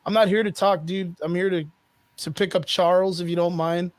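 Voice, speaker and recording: A man's voice: high voice, fairly even intonation, brisk, no room sound, natural voice. A man quoting a blunt, fed-up Hulk.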